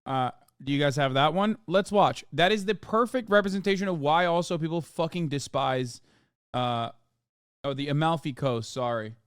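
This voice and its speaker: A man hosting a live-stream reaction, talking in an animated, profane, ranting way. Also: fairly high pitch, moderate pace, clear, resonant tone, no echo, clean studio sound. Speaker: streamer host.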